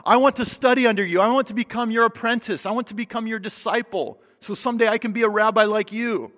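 A man's voice: sits high, fast talker, a bit bright. A preacher voicing an eager young male student asking to become a disciple, pleading and earnest. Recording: long hall reverb.

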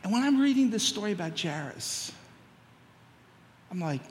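A man's voice: fairly high pitch, huge pitch swings, moderate pace, long pauses. A male pastor preaching a sermon, telling a story and acting out the dialogue before building to emphatic preaching. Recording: long hall reverb.

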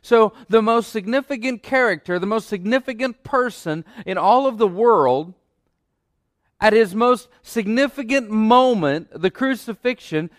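A man with a fairly high voice preaching a sermon. He stresses and repeats his key phrases with building emphasis. The sound is dry and close, with little room echo. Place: church stage.

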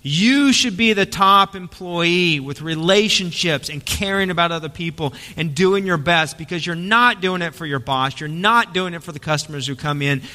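A man's voice: on the high side, normal speed, few pauses, pushed and bright. A man preaching a sermon as pastor, telling stories in a conversational, joking way. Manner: conversational storytelling with jokes. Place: church sanctuary. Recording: long church reverb.

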